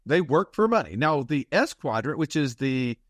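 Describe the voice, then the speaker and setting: A man's voice: mid-range voice, sing-song, moderate pace, slight background noise. A man hosting a podcast, talking casually and explaining ideas, often checking in with "right?". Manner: conversational, explains with repeated "right?". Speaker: podcast host.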